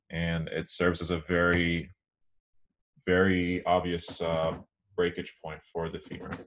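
A young man giving an anatomy lecture online, explaining casually with many ums. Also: low voice. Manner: relaxed, filler-heavy explaining.

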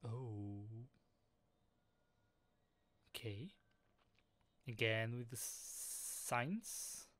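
A man doing horror game commentary, swearing and breaking into sudden startled shouts. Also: mid-range voice, very slow, pauses often. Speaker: gaming channel host.

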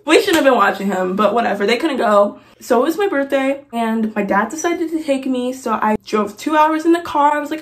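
A woman's voice: sits high, brisk, few pauses. Chatty young woman telling a story. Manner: chatty, animated, laughing asides. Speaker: vlogger. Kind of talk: casual story-time vlog.

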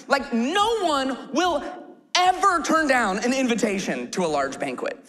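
A man preaching a sermon as pastor, telling a parable in an animated way and shouting out rhetorical questions. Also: extremely high pitch, measured pace. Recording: live sermon with long hall reverb.

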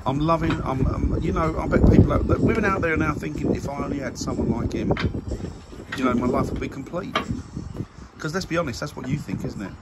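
A man's voice: fairly high pitch, brisk, very noisy. A man vlogging casually in his garden, jokey and self-mocking about his family. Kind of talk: casual family vlog chat. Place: garden outdoors.

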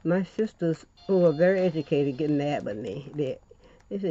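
Folksy older Louisiana woman, warm tone. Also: low voice, animated, moderate pace, husky, muffled recording. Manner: folksy, rambling, calls viewers honey. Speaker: craft tutorial host. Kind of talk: chatty crafting tutorial.

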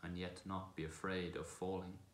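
A proud, brisk talking war horse, a stallion with a scornful, commanding manner, as a man reads him aloud from a storybook. The voice is very deep and low. It rings in an echoey room. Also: level tone, slight background noise, lightly acted. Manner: brisk, commanding, contemptuous at times.

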